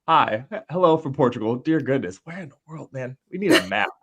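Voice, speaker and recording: A man's voice: mid-range voice, very animated, brisk, a bit bright, husky, dull audio. A man co-hosting a live show, chatting with wry, laid-back humor. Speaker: co-host. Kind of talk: casual live-show chat.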